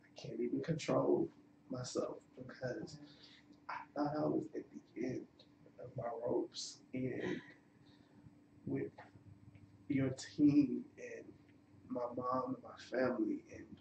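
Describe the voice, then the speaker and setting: A man as a guest on a health show, speaking slowly and heartfelt with gratitude. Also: medium pitch, steady tone, vocal fry, dull audio. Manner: slow, heartfelt, grateful. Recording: roomy, distant, noisy sound.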